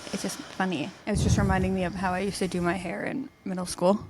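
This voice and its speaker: A young adult woman co-hosting a podcast, telling stories in a lively way and laughing as she goes. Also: medium pitch, quick pace, background noise. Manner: animated storyteller, laughs mid-sentence. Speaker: podcast co-host. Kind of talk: casual chat.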